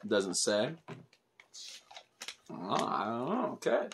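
A man's voice: fairly low pitch, huge pitch swings, slow pace, fairly bright tone, a little hiss or hum. A middle-aged man hosting a casual toy review, explaining things patiently and chuckling often. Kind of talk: casual chat.

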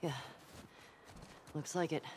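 A woman's voice: takes it slowly, dark tone, lightly acted. An actress voicing a tough young woman survivor in a video game, making terse tactical remarks. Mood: calm.

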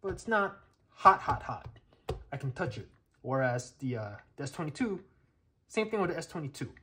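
Guy doing a chatty tech test at his table, lots of um and alright, thinking out loud. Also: fairly high pitch, big pitch swings, normal speed, a little hiss or hum. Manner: chatty, thinks aloud, lots of fillers and checks. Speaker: tech reviewer. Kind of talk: casual hands-on demo commentary.

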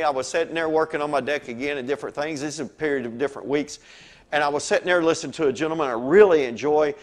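A male pastor preaching a lively sermon, telling stories and swinging between soft asides and loud exclamations. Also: fairly high pitch.

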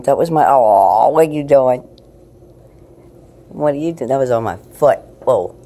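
A woman filming a casual night-time video diary in her apartment, swinging between low murmurs and cooing talk to her cat. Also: expressive, moderate pace, dark tone. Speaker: vlogger.

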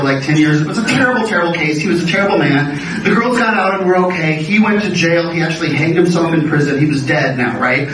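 A man, a comedy writer, telling a showbiz anecdote in an animated, punchy comic style. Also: a little high. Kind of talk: comic storytelling. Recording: echoey distant audio with background noise.

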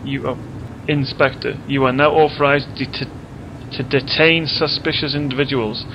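A man's voice: mid-range voice, steady tone, moderate pace, muffled recording, noisy background. A man hosting a let's play, chatting casually and jokily while reading game text aloud as he plays. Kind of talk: casual gameplay commentary. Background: game music.

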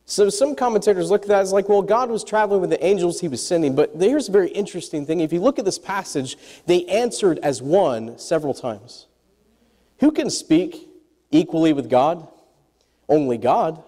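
A man preaching a sermon to a congregation, animated and quizzing his listeners as he goes. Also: sits high, normal speed, big-room sound. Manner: animated, asks the congregation questions. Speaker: pastor.

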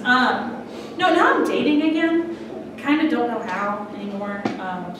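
A woman's voice: a little high, big pitch swings, unhurried, a bit bright. A young woman doing a stand-up comedy set in a small restaurant, chatty and giggly, swearing freely. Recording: echoey room, mic from far off, crowd noise. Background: audience reacting.

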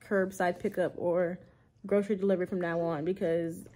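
A woman's voice: lowish voice, normal speed. A young woman and mother chatting frankly and animatedly in a casual vlog. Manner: animated, frank, talks with lots of "like". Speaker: vlogger and mom.

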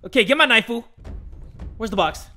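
A young man commentating a video game, excitable, joking and swearing. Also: very high voice, brisk, over loud music. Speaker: gaming channel host. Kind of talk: let's-play commentary.

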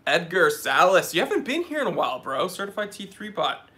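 Male live-stream host, casual and joking, bright and slightly high voice, greeting chat viewers by name. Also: big pitch swings, a little fast, a little hiss or hum. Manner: reads out viewer names and comments, chatty and joking. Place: office.

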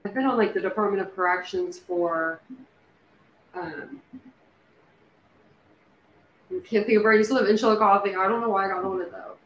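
A woman's voice: medium pitch, moderate pace, pauses often, a bit bright. Rambling woman chatting on a livestream. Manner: rambling, speculative, many fillers and restarts. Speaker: true crime livestream host. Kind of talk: casual livestream chat. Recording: echoey room with faint background noise.

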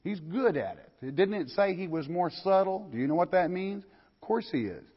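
Older pastor with a folksy teaching manner, a bit husky, lo-fi hall recording. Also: male voice, high voice, animated, moderate pace. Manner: folksy, questioning the listeners and reading scripture aloud. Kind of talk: verse-by-verse Bible lecture.

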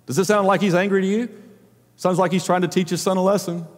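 A man's voice: sits high, steady tone, fast. A man preaching a sermon as the pastor, emphatic and full of rhetorical questions. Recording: long reverb of a large hall.

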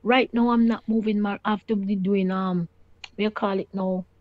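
A middle-aged Jamaican woman telling her own story in a casual, animated way, often quoting others and exclaiming. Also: mid-range voice, normal speed, no echo, phone-quality sound. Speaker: caller sharing her story.

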